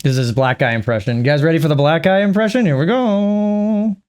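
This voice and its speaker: A man's voice: on the high side, fairly quick, a little mellow. A man giving casual reaction commentary on clips, sarcastic and profane, mocking what he watches. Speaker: reaction streamer.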